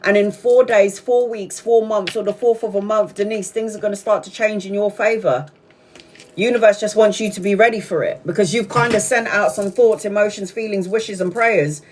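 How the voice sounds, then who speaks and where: Excitable woman doing a live tarot reading. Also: mid-range voice, normal speed, a little hiss or hum. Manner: casual, excitable, swears freely, calls viewers sweetheart. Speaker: tarot reader.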